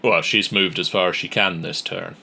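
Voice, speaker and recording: A man narrating a tabletop game as game master, slow and halting, with long pauses. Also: deep voice, steady tone, creaky, pushed and bright.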